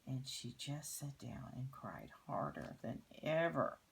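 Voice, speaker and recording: An older woman reading a picture book aloud, gently pointing out details in the pictures. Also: very deep voice, big pitch swings, slow, gravelly, slight background noise, rough recording. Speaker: grandmother reading to children.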